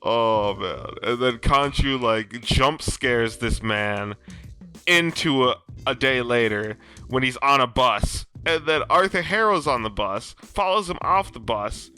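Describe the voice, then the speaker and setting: A man hosting a podcast, giving an animated, slangy recap of a TV episode in casual chat. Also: mid-range voice, slow, clear, resonant tone, soft background music. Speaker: podcast host.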